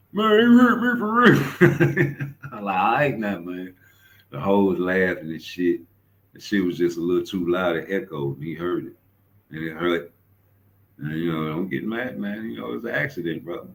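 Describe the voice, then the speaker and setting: A man's voice: rumbling low, a bit bright, a little hiss or hum, rough recording. A man hosting a boxing commentary show, rambling and profane as he tells stories. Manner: profane, rambling, storytelling with repeated fillers. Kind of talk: casual commentary rant.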